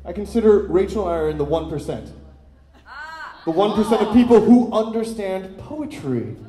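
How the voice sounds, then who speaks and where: A man's voice: high voice, lively intonation, moderate pace, warm tone, reverberant. A man performing live, doing self-mocking, joking stage banter between songs and laughing often. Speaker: singer-songwriter performing live.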